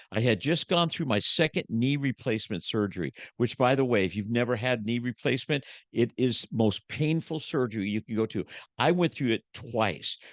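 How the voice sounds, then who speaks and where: A man, a motivational speaker, giving an emotional personal testimony as a podcast guest, shifting from hushed to emphatic like a preacher. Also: fairly low pitch, no room sound.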